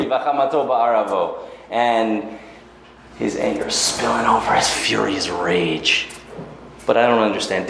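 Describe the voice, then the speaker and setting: A man giving a lively Talmud lecture, telling the story with Hebrew quotations and acted asides. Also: on the low side, creaky. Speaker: rabbi teaching Talmud. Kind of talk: animated Torah lecture. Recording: very echoey room with faint ambient noise.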